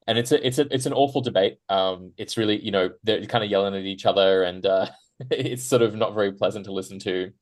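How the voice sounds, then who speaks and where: A man with a fairly low voice speaks as a guest in a panel discussion. He rambles in a loose, conversational way, tossing in "right?" and laughing lightly between thoughts. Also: brisk. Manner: rambling, frequent "right?" tags and fillers; animated, laughs while talking.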